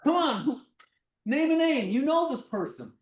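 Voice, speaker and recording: Middle-aged physics demo presenter, animated and loud, a bit off-mic in an echoey room. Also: high voice, moderate pace, far from the mic. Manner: animated, acts things out, projects loudly. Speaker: physics lecture demonstrator. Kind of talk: live workshop presentation. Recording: roomy sound from away from the mic.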